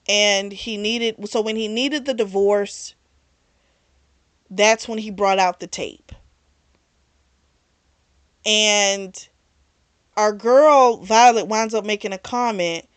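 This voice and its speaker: Slow-talking woman recapping a book. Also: a little high, no room sound. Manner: chatty, retells scenes with lively asides. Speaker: book club vlog host.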